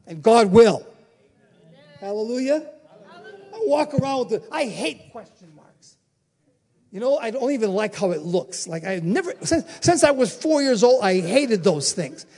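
Very high-voiced male preacher. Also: very animated, slightly rough. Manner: emphatic, swinging from loud exclamations to soft asides; rapid-fire rhetorical questions. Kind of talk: sermon.

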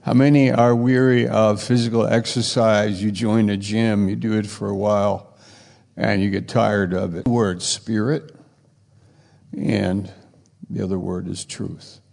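A man preaching a sermon, slow and halting, with emphatic rising bursts. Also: lowish voice, level tone, gravelly, a little mellow. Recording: reverberant hall.

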